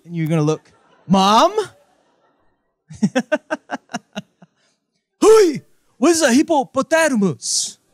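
A man's voice: fairly high pitch, no room sound, studio quality. A young man from the United States preaching a sermon with humor, acting out voices in his stories. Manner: animated, acts out quoted voices. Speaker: pastor.

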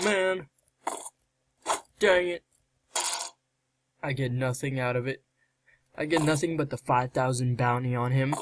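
A man giving gameplay commentary, excitable, shouting and squealing in reaction to the game. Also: medium pitch, slight background noise, rough recording. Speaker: let's play gamer. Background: game music.

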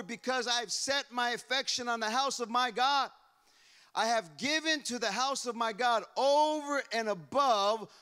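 Man, pastor, high-pitched voice, fervent sermon, chanting declarations, shouting, church. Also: smooth. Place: church sanctuary.

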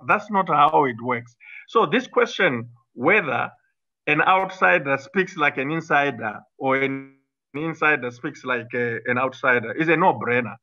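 A middle-aged man speaks with a bright, forceful edge, pressing his points combatively and stumbling through fillers and restarts. His voice comes through a dull, lo-fi remote recording. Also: fairly high pitch. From Zimbabwe. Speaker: interview guest, former cabinet minister. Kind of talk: political interview talk.

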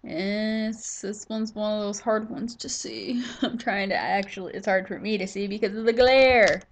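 A tired woman talks her way through a game session in casual, rambling commentary. She chats to herself, muses aloud and stops to yawn. Her pitch sits in a middle range for a woman. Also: moderate pace. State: tired, yawning. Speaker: gaming YouTuber.

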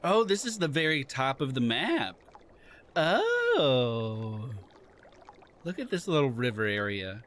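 A man's voice: medium pitch, wildly swooping pitch, slow pace, fairly bright tone. A man doing playful let's-play commentary, chatting with game characters and laughing along. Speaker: gaming YouTuber. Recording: faint background game music.

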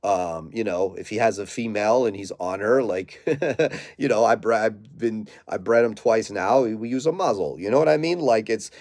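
A man's voice: lowish voice, dry recording. Blunt profane man, dry close sound. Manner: blunt, profane, animated, acts out dogs and owners in quick voices. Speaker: dog trainer. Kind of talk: casual live Q&A talk.

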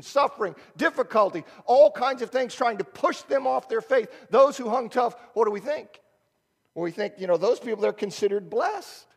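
Animated preacher in a reverberant church. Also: male voice, high-pitched. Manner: conversational, animated, self-interrupting with rhetorical questions. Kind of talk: sermon. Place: church sanctuary.

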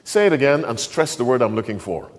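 A man preaching a sermon as pastor, slowing down and stressing key phrases while quizzing his congregation. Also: mid-range voice, expressive, crowd noise. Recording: long hall reverb.

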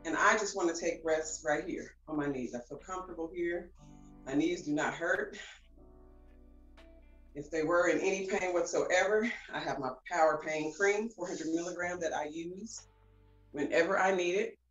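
A woman's voice: fairly low pitch, normal speed, lo-fi sound. Bubbly woman leading breathing, echoey room. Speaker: wellness class leader. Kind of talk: guided breathing session. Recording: echoey room with faint music.

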